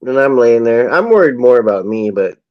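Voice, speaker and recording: A man's voice: mid-range voice, very animated, brisk, no room sound. Man, casual rambling storyteller, dry dull lo-fi recording. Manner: rambling anecdotal storytelling with acted quotes. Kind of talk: casual chat. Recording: dull lo-fi sound.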